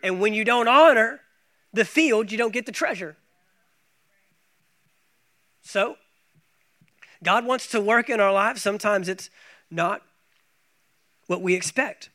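A man with a very high, bright voice preaches a sermon. He leans hard on repeated phrases and swings between hushed asides and loud, driving lines. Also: slow pace, pauses often. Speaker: pastor.

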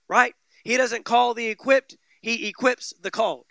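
A male pastor delivers a sermon in a high, bright voice, hammering home repeated phrases. His delivery swings from forceful peaks to hushed low lines, captured dry and close with no room echo. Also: fairly even intonation, moderate pace, gravelly, hardly any pauses. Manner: emphatic preaching, repeating phrases with rising and falling intensity.

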